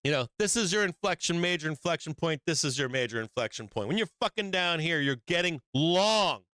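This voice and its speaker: A man's voice: on the high side, animated, fast, sharp tone, dry recording. A man hosting a live stock market show, giving blunt and profane trading commentary with frequent emphatic swearing and laughs between points.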